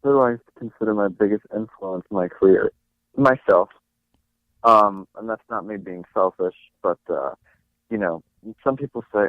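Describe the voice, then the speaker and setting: A young man with a very low voice chats loosely as an interview guest. He rambles along, full of fillers and restarts. He comes through a tinny, dry phone line. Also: normal speed, dry recording. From New Jersey. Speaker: guest actor. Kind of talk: casual interview chat.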